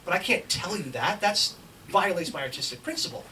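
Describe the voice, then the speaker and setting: Middle-aged man, lecture storyteller, acts out other people's lines, lively swinging pitch, distant mic, noisy background. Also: a little fast. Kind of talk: comic anecdote told to a live audience. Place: lecture hall with a live audience.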